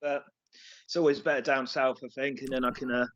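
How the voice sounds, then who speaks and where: A man's voice: mid-range voice, flat delivery, a little fast, a bit bright, muffled recording. Easygoing southern English man on a call. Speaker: guest. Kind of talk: casual chat over a call.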